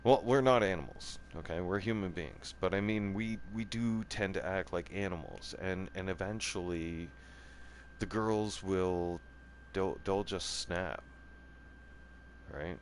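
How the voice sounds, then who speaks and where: A man hosting a gaming channel delivers a heated, profane monologue, angry and defiant, his deep voice rising and falling at a measured pace. He repeats himself and keeps asking "right?" and "okay?", with a little hiss or hum on the recording.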